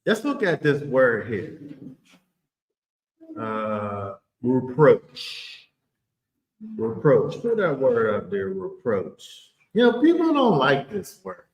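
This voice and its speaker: A man teaching a Bible study in an emphatic, animated way, full of rhetorical questions. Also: mid-range voice, slow, long pauses, reverberant, low-quality recording.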